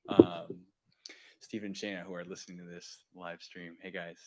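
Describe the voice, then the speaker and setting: A man sharing his gratitude with a congregation, hesitant and full of pauses. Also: deep voice, little pitch movement, dark tone. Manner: hesitant, many fillers. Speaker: congregation member. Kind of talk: casual sharing.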